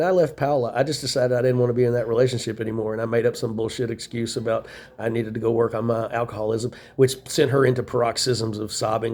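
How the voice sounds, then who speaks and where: A middle-aged man talks straight to the camera in a long, rambling monologue, bitter and full of swearing. His voice is gravelly and husky, with a dark, low-lit tone. He records in a small room at a shelter. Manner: profane, bitter venting. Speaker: vlogger.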